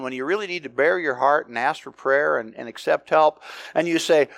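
Gravelly, emphatic man preaching a sermon. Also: high-pitched, normal speed, a bit bright, dry recording. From United States. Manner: conversational, emphatic preaching with laughs and rhetorical questions. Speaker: pastor.

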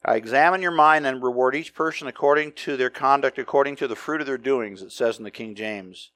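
A middle-aged pastor from the United States preaching a conversational, emphatic sermon full of rhetorical questions. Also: male voice, medium pitch, fairly quick, a bit bright, no echo.

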